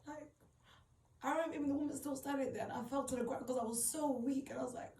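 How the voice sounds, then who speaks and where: A woman's voice: sits high, fairly even intonation, quick pace, warm tone, a little hiss or hum. A woman retelling a personal story in an emotional, rambling way, full of "like". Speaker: vlogger. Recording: roomy, distant mic, faint ambience.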